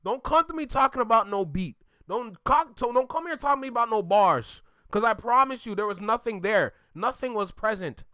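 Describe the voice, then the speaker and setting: A man's voice: high-pitched, animated, fairly quick, hardly any pauses, sharp tone, smooth, no echo, studio quality. Emphatic man ranting. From Toronto, Canada. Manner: emphatic, repetitive, blunt. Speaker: reaction video host. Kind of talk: ranting reaction commentary.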